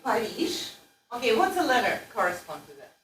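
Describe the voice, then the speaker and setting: A woman teaches a classroom lesson with a lively, swooping voice that rises high as she coaxes and corrects her students. She sounds far from the microphone. The room echoes around her. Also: moderate pace, slight background noise. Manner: animated, corrective and coaxing. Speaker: language teacher. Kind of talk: classroom instruction. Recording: roomy, distant classroom recording.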